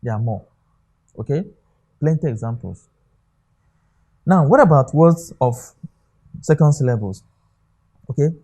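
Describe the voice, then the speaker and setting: Man, Nigerian English accent, tutor, dark warm tone, quizzing tone with frequent okays. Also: medium pitch, lively intonation, a little slow, long pauses. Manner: asks rhetorical questions, repeats okay. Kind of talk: exam-prep lesson.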